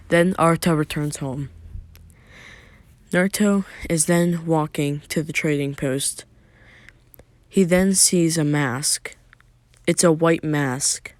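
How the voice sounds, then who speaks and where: A man's voice: fairly high pitch, fairly even intonation, measured pace, long pauses, no echo. Man narrating fan fiction, rambling, lots of fillers, dry close sound. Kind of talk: casual improvised story narration.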